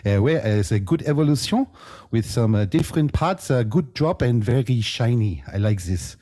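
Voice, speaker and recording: A man impersonating French beatbox judges in a put-on French accent, halting and full of "uh" as he reads out judging notes. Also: mid-range voice, lively intonation, mellow, close to an everyday voice. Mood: playful. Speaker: judge giving feedback.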